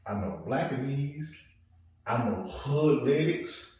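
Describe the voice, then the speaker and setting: Guy hosting a podcast, lively jokey talk, lots of laughing, slangy, sounds far off in a really echoey room. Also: mid-range voice, slow. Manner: animated, joking, laughs often, slangy. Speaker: podcast host. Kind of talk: casual chat. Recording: echoey room, far from mic, faint noise.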